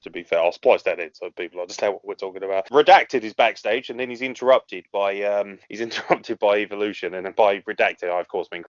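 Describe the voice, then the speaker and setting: A man hosting a casual podcast review, sweary and animated, often laughing. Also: deep voice, dry recording, lo-fi sound. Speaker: podcast host.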